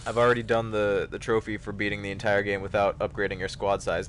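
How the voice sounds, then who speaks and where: A man's voice: on the low side, flat delivery, quick pace, a bit bright, a little hiss or hum. A man chatting casually with viewers while streaming a game, self-mocking and reading chat aloud. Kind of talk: casual live-stream commentary while gaming.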